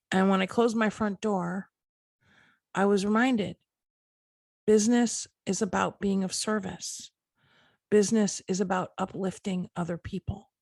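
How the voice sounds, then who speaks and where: A woman's voice: mid-range voice, dry recording. A middle-aged woman hosting a motivational podcast, talking earnestly and encouragingly straight to the listener. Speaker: podcast host.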